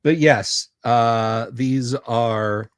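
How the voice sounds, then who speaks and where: A man of middling pitch hosts a laid-back livestream. He rambles and cracks jokes as he chats with his viewers. His voice sounds dry and close, with no room sound. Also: very slow, dry recording. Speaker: livestream host. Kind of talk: casual livestream chat.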